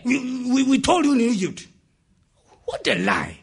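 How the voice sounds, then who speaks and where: Man preaching, very high voice, slow delivery, shouts and questions the congregation. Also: huge pitch swings, gravelly, slightly rough. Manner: impassioned preaching, calls out and asks the congregation questions; often shouts. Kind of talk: sermon.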